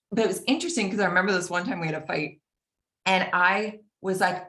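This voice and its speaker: A woman shares a personal story with earnest feeling and acts out small bits of dialogue. Her voice sits low for a woman. The room around her sounds echoey. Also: fast, a bit bright.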